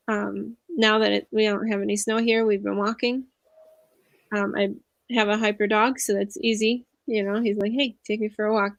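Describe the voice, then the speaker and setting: A woman in her thirties talks as an interview guest, earnest and reflective, with a confiding way of sharing. Her voice has a gravelly, fry-laden texture and sits in a middle register. It is recorded close and dry, as on a video call. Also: mid-range voice, no room sound. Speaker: guest speaker, empowerment coach. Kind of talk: casual interview conversation.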